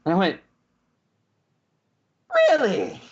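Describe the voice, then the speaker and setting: A man's voice: high voice, huge pitch swings, takes it slowly, slightly rough. A man co-hosting a podcast, ranting in a casual chat and acting out both sides of the story. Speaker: podcast co-host. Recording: dull lo-fi podcast audio.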